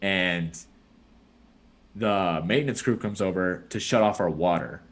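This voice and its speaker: A young man with a lowish voice chats casually on a podcast. He rambles through a story, stacking fillers like "like" and "dude" as he goes. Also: measured pace. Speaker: podcast host. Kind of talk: casual chat.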